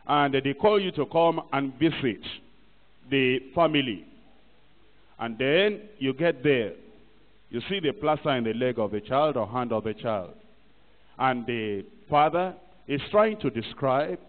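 This tinny archive recording, made in a reverberant hall, captures a pastor speaking a little slowly in an animated, medium-pitched voice. He preaches forcefully and performs short scenes from church life.

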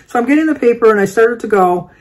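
A woman's voice: fairly high pitch, animated, quick pace, a little mellow. An older woman vlogger telling a rambling, chatty everyday story, full of fillers and restarts. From Michigan, United States. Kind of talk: casual storytelling.

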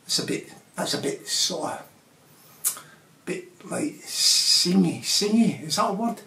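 A man's voice: high-pitched, big pitch swings, unhurried, vocal fry, pushed and bright. Chatty man, roomy and distant. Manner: chatty, repeats tag questions, chuckles often. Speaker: vlogger. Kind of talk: rambling casual monologue to camera.

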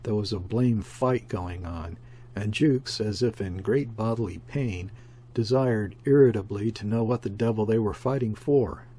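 A man narrating a classic sea story as an audiobook reader, in a steady, measured way. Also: lowish voice, slightly rough.

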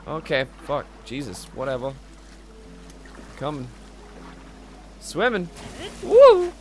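A man talks his way through a video game in relaxed let's-play commentary. He keeps muttering profane asides under his breath. His voice is bright and a little high, with lively jumps in pitch. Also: moderate pace, slight background noise. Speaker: gameplay commentator.

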